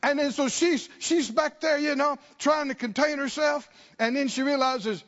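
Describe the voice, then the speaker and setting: A man's voice: very high-pitched, moderate pace, few pauses, a bit bright. A man preaching a sermon, driving points home with repetition, rhetorical questions and calls for the congregation to answer. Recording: dull lo-fi sermon recording.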